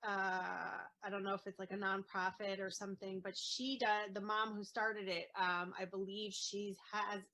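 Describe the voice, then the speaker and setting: A woman speaking as an interview guest, an earnest mother talking in a halting way with many fillers and restarts. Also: medium pitch, level tone, bright, forceful tone, poor audio. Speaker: guest, autism mom. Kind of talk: casual interview chat.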